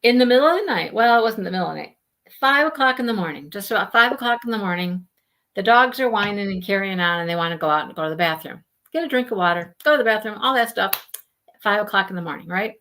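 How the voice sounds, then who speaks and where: A woman hosting a casual live stream, chatting with viewers and telling stories in an animated way. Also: medium pitch, quick pace. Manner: chatty, animated storytelling, greets viewers by name. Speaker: livestream host.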